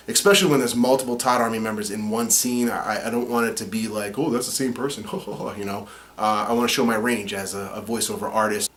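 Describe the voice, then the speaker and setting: A man's voice: lowish voice, a little hiss or hum. Man explaining his cartoon voices. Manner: relaxed, plain explaining with fillers. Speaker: voice actor and co-creator. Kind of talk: behind-the-scenes narration.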